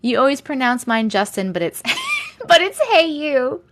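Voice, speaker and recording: Woman, Long Island accent, livestream host, chatty and giggly, higher voice. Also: normal speed. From Long Island, New York. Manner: chatty, animated, lots of likes and giggles. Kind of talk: casual live chat reading comments.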